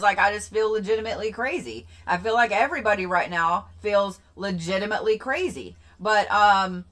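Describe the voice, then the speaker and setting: A woman hosting a casual livestream, rambling and repeating herself with sudden excitable bursts. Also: mid-range voice, moderate pace. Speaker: livestream host.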